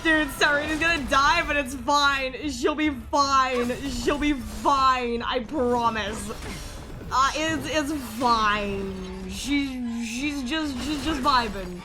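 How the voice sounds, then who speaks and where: Brief: high-voiced woman gamer, excitable live commentary, game music playing under her. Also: takes it slowly. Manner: excitable, gasping and shrieking at wins. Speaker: game streamer. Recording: voice over loud game music.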